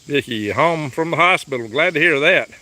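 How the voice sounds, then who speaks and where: A man's voice: on the high side, animated, normal speed, pushed and bright. A man, hosting a casual live vlog from his farm and reading viewer messages aloud in a chatty, folksy way. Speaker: livestream host. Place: outdoors on a farm, in and around a truck. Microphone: phone held by the speaker.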